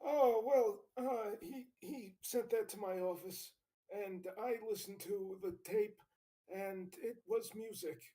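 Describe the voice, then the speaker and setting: A man putting on an elderly male senator impression, halting and stammering. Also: sits high, dark tone, low-quality recording. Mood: doddering. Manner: halting, stammering, loses the bit. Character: old male senator impression, rambling, wobbly. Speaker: guest musician.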